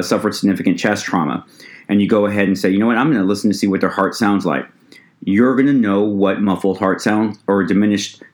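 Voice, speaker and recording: A man with a fairly low voice gives a recorded lecture to EMT students. He talks to the class in a conversational way and often says "ladies and gentlemen." Now and then he stumbles and restarts a word. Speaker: EMT instructor.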